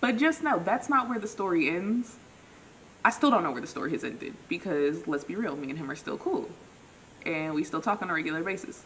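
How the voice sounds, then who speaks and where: A young woman vlogger telling a dating story in a relaxed, self-mocking way, jumping up in pitch to act out what people said and laughing at herself. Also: brisk, a little hiss or hum, rough recording. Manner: animated, acts out quotes with big pitch jumps. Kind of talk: casual storytelling.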